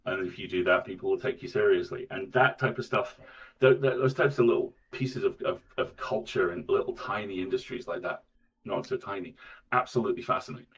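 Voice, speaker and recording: Deep-voiced man on a dull, distant line. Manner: enthusiastic storyteller, halting restarts. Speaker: voice actor guest. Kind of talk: casual interview chat.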